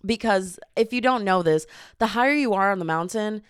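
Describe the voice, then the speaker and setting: A young woman hosting her own show, telling a funny travel story in a casual, animated way with quick asides and laughter. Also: medium pitch, smooth, no echo, clean studio sound. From family from Dominica. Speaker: podcast host.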